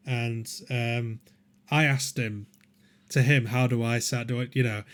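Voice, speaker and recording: A man with a Yorkshire accent co-hosts a podcast in loose, casual chat. He teases and jokes, laughing often, his voice at an ordinary middle pitch. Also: fairly even intonation, a little slow, a bit bright, clear, resonant tone. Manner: playful, teasing, laughs a lot. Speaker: podcast co-host.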